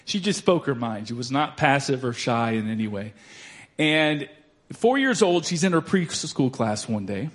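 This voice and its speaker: A man preaching a sermon, swinging from loud declarations to soft storytelling. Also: medium pitch, big pitch swings, moderate pace. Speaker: pastor.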